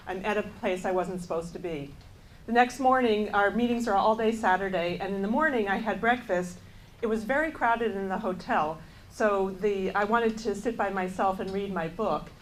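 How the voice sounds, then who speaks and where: A woman's voice: mid-range voice, slight background noise, poor audio. A woman from the United States giving a keynote speech, telling a story with wry, self-mocking asides and quoting her own thoughts. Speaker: keynote speaker. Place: event hall.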